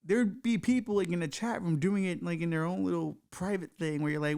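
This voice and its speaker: A man's voice: sits high, fairly quick, few pauses, darkish tone, smooth. A middle-aged man hosting a podcast, delivering a crude, rambling, self-mocking comedic monologue. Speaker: podcast host.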